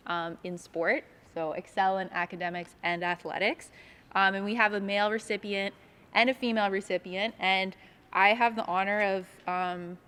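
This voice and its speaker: A woman's voice: medium pitch, fairly bright tone. A woman teacher presenting an award at a school ceremony, speaking hesitantly with many ums. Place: school gym or auditorium.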